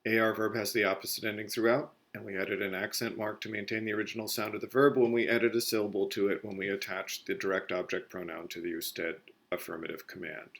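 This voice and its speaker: A male Spanish teacher walks through a recorded grammar lesson step by step, correcting himself as he goes. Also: fairly low pitch. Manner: explains step by step, corrects himself mid-sentence.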